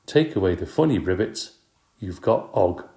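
A man's voice: low voice, lively intonation, normal speed, dark tone. A man voicing a cheeky, show-off schoolboy who talks cockily, in a roomy recording. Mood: cocky. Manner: cocky, jokey. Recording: roomy echo.

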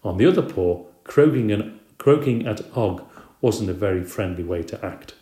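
Deep, mellow man reading a children's story. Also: lively intonation, normal speed. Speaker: audiobook reader. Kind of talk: scripted narration. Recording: roomy echo.

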